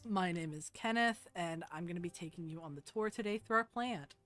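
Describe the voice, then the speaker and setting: A woman's voice: lowish voice, brisk, a bit bright, lightly acted. A woman voicing a polite young male tour guide in a tabletop game. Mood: upbeat. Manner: cheerful, formal greeting. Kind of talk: tabletop role-play.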